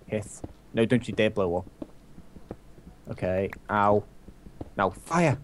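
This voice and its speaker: Excitable young man gaming. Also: lowish voice, slow pace, a little hiss or hum. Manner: excitable, swears at mobs. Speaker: gamer. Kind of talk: casual gaming chat.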